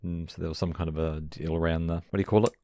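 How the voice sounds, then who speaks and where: A man co-hosting a podcast, chatting about a sitcom in a relaxed, agreeable way. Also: sits low, racing, dry recording. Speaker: podcast co-host. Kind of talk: casual podcast chat.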